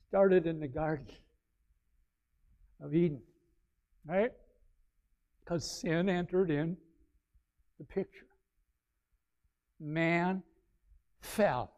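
Slow, high-voiced preacher man, lo-fi. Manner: animated, swings between quiet asides and loud bursts. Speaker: pastor. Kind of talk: sermon. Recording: slightly dull, lo-fi sound.

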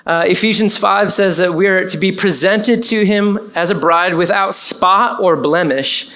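Man, pastor, conversational sermon, animated asides. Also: sits high, unhurried.

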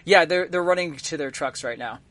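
A man with a somewhat high voice narrates a tabletop game as its game master. He stops often, filling gaps with ums and uhs as he sets each scene. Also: fairly bright tone. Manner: halting, full of ums and uhs.

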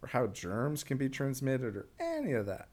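A man co-hosting a podcast, giving snarky, deadpan movie watchalong commentary full of swearing. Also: mid-range voice, normal speed. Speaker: podcast co-host.

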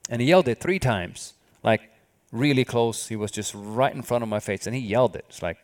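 A man's voice: medium pitch, normal speed. A man preaching a sermon with fervor, often stopping to say hallelujah. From not from the country where he studied. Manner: fervent, repeats hallelujah often.

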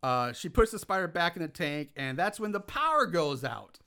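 Male co-host, casual recap chat, bright higher voice, animated. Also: moderate pace. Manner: animated, swears when worked up. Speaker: podcast co-host recapping a film.

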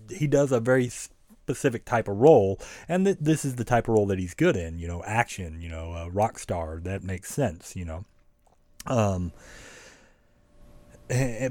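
Low, mellow-voiced man ranting casually. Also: dry recording. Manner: rambling, frank, swears freely. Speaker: podcast co-host. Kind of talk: casual review chat.

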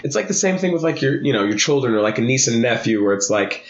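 A man in his thirties talking candidly as a podcast guest, earnest and animated, his voice jumping high for emphasis. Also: fast, roomy sound, highs cut off.

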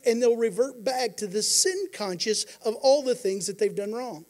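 A pastor preaching a sermon, earnest, moving between quiet passages and emphatic declarations. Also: male voice, very high-pitched, animated, normal speed, few pauses.

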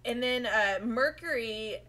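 A woman co-hosting a podcast, chatting casually and animatedly as she recaps an episode, slipping into quick voices for the characters. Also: on the high side, pushed and bright, rough recording. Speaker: podcast co-host.

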